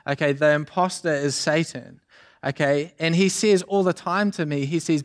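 A young man preaching a sermon as youth pastor, energetic and chatty with many asides and fillers. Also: a little high, normal speed. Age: young adult.

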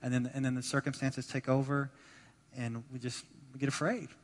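A man preaching a sermon as pastor, animated, acting out the voices of the people he quotes and repeating words as he builds his points. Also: mid-range voice, normal speed. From United States. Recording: long hall reverb.

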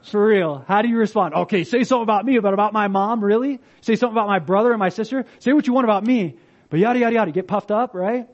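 A man with a notably high voice preaches a sermon, telling personal stories with animation and acting out the people in them. The recording is slightly muffled and lo-fi, the way a church sound system often captures a pastor. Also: quick pace. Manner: animated storytelling, acts out quoted voices.

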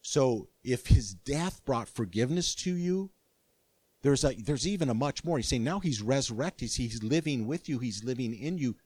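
An older man preaching a sermon with earnest, animated conviction. He often restarts his sentences mid-thought. His mid-pitched voice is recorded dry and close. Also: normal speed, slightly rough, no echo. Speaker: pastor.

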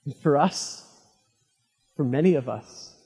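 A man preaching a sermon, retelling a story dramatically and swinging from loud, fervent lines to hushed ones. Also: mid-range voice, slow, husky. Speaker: pastor. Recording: long hall reverb.

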